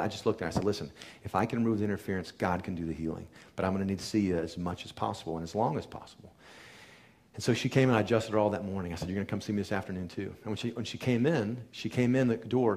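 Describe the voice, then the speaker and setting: Middle-aged guy, kinda low voice, earnest storytelling to a crowd, gets real quiet then punches it back up. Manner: earnest, emphatic storyteller with sudden quiet drops. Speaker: chiropractor giving a talk. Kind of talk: storytelling talk to a live audience.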